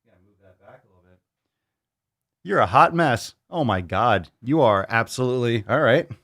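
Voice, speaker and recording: A man's voice: medium pitch, no echo, studio quality. Joking, swearing male podcast host. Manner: joking, animated, swears freely. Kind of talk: casual chat.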